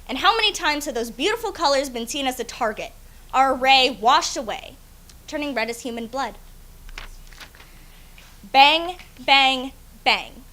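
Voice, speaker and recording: A woman performing spoken word poetry on stage, impassioned, swinging between loud outbursts and hushed lines. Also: sits high. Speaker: slam poet. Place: school event stage.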